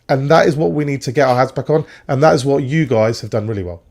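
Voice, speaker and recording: A man's voice: medium pitch, fast talker, a little mellow. A man on a fan show, giving long, opinionated takes on football. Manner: opinionated, explains at length. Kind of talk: casual football chat.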